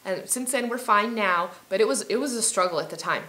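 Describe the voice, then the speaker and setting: A woman's voice: medium pitch, a little fast, bright, forceful tone, roomy sound. A woman hosting an instructional self-help video, talking in a friendly, chatty way with fillers and restarts. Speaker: healing coach and video host.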